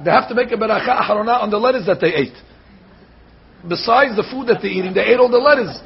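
A man giving a Torah class as a rabbi, animated, slowly sounding out words to show how they should be said. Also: high-pitched, creaky, slightly rough. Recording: dull lo-fi recording.

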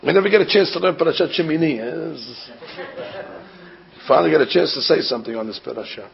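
A man giving an animated sermon, asking rhetorical questions and mixing in Hebrew terms. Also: a little high, fast, vocal fry. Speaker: rabbi giving a Torah class. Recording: dull lo-fi recording.

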